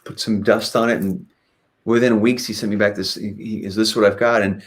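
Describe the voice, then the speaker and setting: This man, a guest musician who sings and plays guitar, has a fairly low voice and talks fairly quickly. Telling stories in a laid-back interview, he rambles with frequent restarts and fillers, growing animated as he relays anecdotes.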